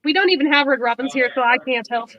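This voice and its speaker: A woman's voice: high-pitched, quick pace, lo-fi sound. A woman co-hosting who chats casually and chimes in with short, matter-of-fact comments. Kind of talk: casual chat.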